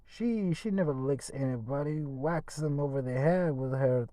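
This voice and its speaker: A man's voice: mid-range voice, normal speed, warm tone, dry recording, pitched above the performer's own voice, close to an everyday voice, low-quality recording. A man voicing a mischievous boy who eagerly coaxes a friend into doing his chores, as a storybook read aloud. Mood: coaxing.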